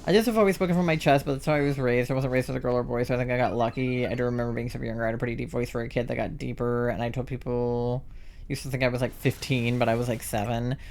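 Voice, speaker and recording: A young transmasc streamer in their twenties, chatting casually while gaming, rambling with lots of "like" and self-deprecating asides. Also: male voice, mid-range voice, fairly even intonation, rapid-fire, darkish tone.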